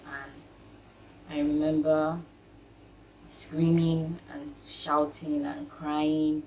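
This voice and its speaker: A young woman with a low voice shares a personal faith testimony, soft and halting with frequent pauses. She sits a little back from the mic in an echoey room, with faint noise behind her. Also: completely flat delivery, recorded from a distance. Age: young adult. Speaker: vlogger sharing her grief.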